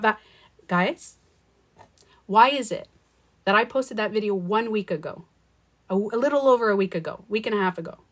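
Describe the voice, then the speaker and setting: A middle-aged woman coach talks to her live-stream viewers in an unscripted monologue. Her voice swings widely in pitch as she acts out quotes, swears freely and laughs between thoughts. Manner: animated storytelling with swearing and laughs. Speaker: life coach and author.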